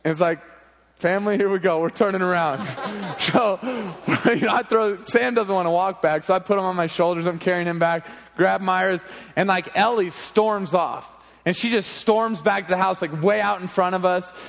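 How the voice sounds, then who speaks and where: Youth pastor guy, high voice, laughing thru a story, big hall echo. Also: moderate pace, gravelly. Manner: animated, laughing anecdote telling. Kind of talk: storytelling sermon. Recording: long hall reverb.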